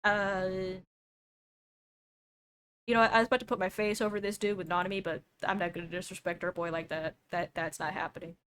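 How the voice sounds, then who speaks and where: A woman's voice: on the low side, fairly even intonation, brisk, fairly bright tone, clean tone. A young woman streaming, reacting to a video with casual, sarcastic jokes. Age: young adult. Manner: joking, sarcastic asides.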